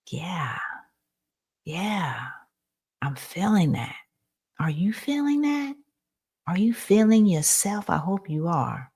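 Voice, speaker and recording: A woman hosts a podcast with soft spiritual affirmations, her low voice breathy and gravelly. She talks slowly and soothingly, often dropping into a half-whisper. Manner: slow, soothing, partly whispered. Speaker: podcast host.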